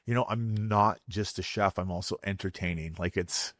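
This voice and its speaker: A man's voice: sits low, fairly even intonation, normal speed, a bit bright, dry recording, clean studio sound. A Canadian man, a guest chef, chatting candidly and self-deprecatingly on a podcast. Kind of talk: casual podcast chat.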